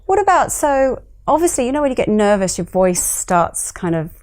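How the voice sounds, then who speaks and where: A woman's voice: fairly high pitch, very animated, moderate pace, darkish tone. A woman interviewing a guest, asking questions and encouraging him with frequent murmured agreement.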